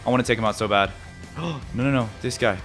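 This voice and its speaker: A man giving excited gameplay commentary as a gaming YouTuber, yelping and repeating himself as the action unfolds. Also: medium pitch, fast, faint music behind. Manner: excitable, yelps and repeats phrases.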